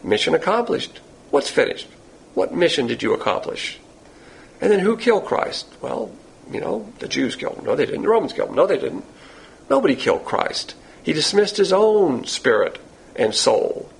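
A man's voice: a little high, sing-song, moderate pace, gravelly, slightly rough, poor audio. A man preaching a sermon as pastor teacher, blunt and emphatic, firing rhetorical questions at his listeners and answering them himself.

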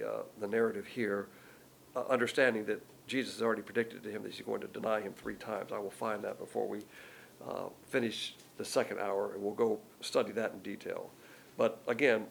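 A man's voice: medium pitch, gravelly, a little hiss or hum, low-quality recording. A man teaching verse by verse from the Bible, explaining each passage in plain, conversational words and reading the verses aloud with more force.

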